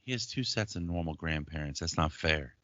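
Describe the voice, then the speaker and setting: A man hosting a podcast, telling stories in crude, profane, animated banter. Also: extremely low pitch, a little fast, no echo, dull audio. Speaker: podcast host.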